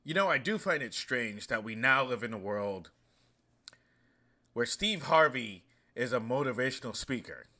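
A man in his thirties hosting a show, talking in a chatty, storytelling way with animated asides. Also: medium pitch, moderate pace. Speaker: host. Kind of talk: casual monologue.

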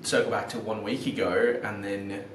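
A man's voice: on the low side, little pitch movement, moderate pace, distant mic, slight background noise. Man talking from back in an echoey room. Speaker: podcast host. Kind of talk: casual interview. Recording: roomy, set back from the mic.

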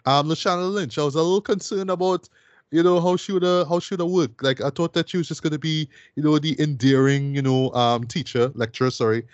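A man's voice: fairly high pitch, steady tone, quick pace, darkish tone, dry recording, dull audio. A man casually reviewing a film, rambling with repeated words and fillers and tacking "boy" and "right?" onto his sentences. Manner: peppers speech with "boy" and "right?". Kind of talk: casual podcast chat.

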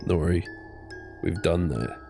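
A man playing a tense, low-voiced adventurer. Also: slow pace, creaky, warm tone, soft background music, heavily acted. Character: tense male adventurer losing his cool.

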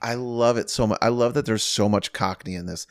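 Rambling casual man, middle pitch. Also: a little fast, dry recording, studio quality. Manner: rambling, filler-heavy, profane. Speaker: podcast co-host. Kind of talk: casual chat.

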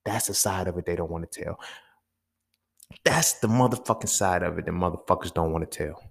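A man's voice: low voice, a little fast, creaky. Heated, profane man ranting. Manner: heated, profane, street slang. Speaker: podcast host. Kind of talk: casual monologue.

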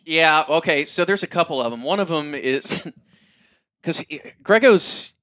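On a podcast, a man casually tells funny stories, laughing and animated as he acts out what people said in quoted voices. His voice is on the high side with a measured pace. The studio-quality recording has no room sound.

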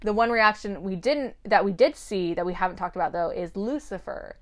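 A woman in casual conversation as a co-host. She talks in an animated way and often slips into quick impressions of characters. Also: mid-range voice. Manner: animated, quotes characters in shifting voices. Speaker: podcast co-host. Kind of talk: casual chat.

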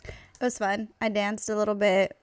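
A woman's voice: mid-range voice, little pitch movement, normal speed, smooth, dry recording. A woman hosting a podcast in casual chat, talking freely and swearing casually. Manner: chatty, laughs easily, swears casually. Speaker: podcast host.

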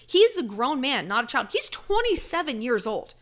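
Sassy, animated woman giving dating advice. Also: sits high, normal speed. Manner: sassy, emphatic, swearing. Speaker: dating advice podcast host. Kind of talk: casual advice monologue.

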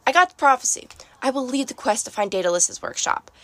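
A woman's voice: high voice, lively intonation, fast talker, fairly bright tone, dry recording. A woman reading a serious, determined teen girl. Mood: solemn.

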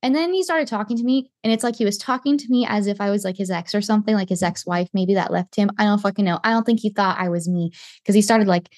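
Young woman, casual storyteller, swears freely, quick delivery. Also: mid-range voice, no echo, clean studio sound. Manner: animated, swearing, acts out quotes. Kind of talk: casual chat.

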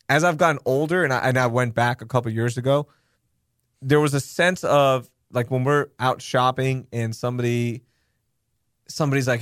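A man hosting a podcast, talking candidly and swearing freely as he acts out his own thoughts in quotes. His voice sits at an everyday middle pitch, and it is recorded dry and close with no room sound. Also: fairly even intonation, moderate pace, a bit bright, no echo. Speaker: podcast host. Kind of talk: casual chat.

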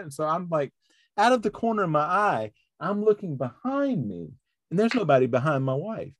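Animated man telling a story. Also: on the high side, fairly quick, no echo, studio quality. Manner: animated storyteller acting out quoted voices. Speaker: podcast host. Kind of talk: casual storytelling chat.

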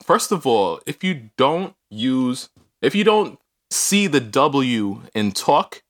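A man's voice: mid-range voice, sing-song, slow pace, a bit bright. A man co-hosting a podcast in casual chat, playful and laughing, swinging dramatically in tone. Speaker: podcast co-host.

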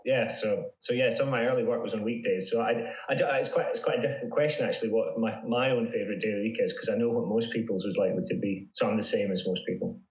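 Low-voiced man, chatty guest. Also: fast talker, hardly any pauses, roomy sound, lo-fi sound. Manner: chatty, with many restarts and laughs. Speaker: psychology researcher guest. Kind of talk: casual interview chat.

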